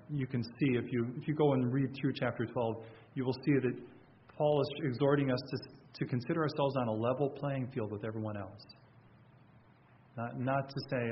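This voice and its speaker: A man's voice: mid-range voice, steady tone, moderate pace, dull audio. A man preaching a sermon in a conversational way, often restarting and repeating words. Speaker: pastor.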